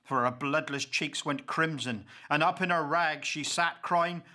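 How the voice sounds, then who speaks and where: A man reciting dramatic verse in the role of an old grieving pauper, slow and impassioned. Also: on the high side, bright, forceful tone. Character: old grieving male pauper, bitter and accusing.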